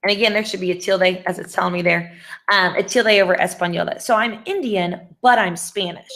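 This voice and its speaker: A woman's voice: fairly low pitch, fairly even intonation, fairly quick, a bit bright. A young woman teaching Spanish in an online review session, patient and friendly, with many ums, speaking into a computer mic on a video call. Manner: frequent "um" fillers, friendly and patient.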